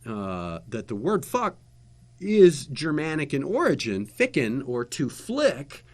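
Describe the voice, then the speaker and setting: A man, a guest and former TV interviewer, telling a lively story in casual chat with laughter. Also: medium pitch, takes it slowly.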